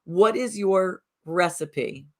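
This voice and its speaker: A woman's voice: lowish voice, takes it slowly, a little mellow, a little hiss or hum. A woman co-hosting a casual morning chat show, talking in a chatty, rambling, upbeat way. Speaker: co-host. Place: Southern Connecticut.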